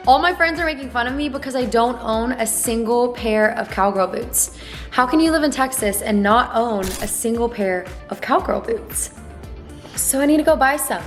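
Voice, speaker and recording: A woman in her twenties chatting casually to camera from her home, bubbly and playful, with asides to her viewers. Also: a little high. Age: 20s. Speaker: vlogger. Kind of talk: casual vlog chat to camera. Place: home in Dallas, in a swing chair.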